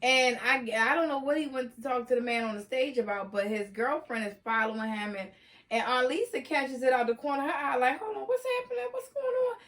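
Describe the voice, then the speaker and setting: A woman vlogger telling a story casually, animated and laughing often, jumping into excited voices as she retells what happened. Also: a little high, brisk.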